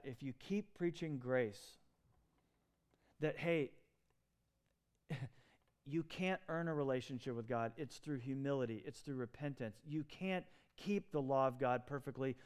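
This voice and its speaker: A man preaching with animated emphasis, his voice rising and falling widely. His tone is smooth and clear, a little higher than most men's. He throws in quick asides and restarts as he goes. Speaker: pastor. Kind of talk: sermon.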